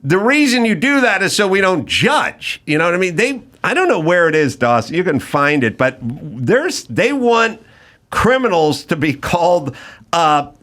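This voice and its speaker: A man hosting a comedy podcast, ranting in a profane, shouty mock commencement speech and laughing through his own jokes. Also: high-pitched, sing-song, moderate pace. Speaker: podcast host.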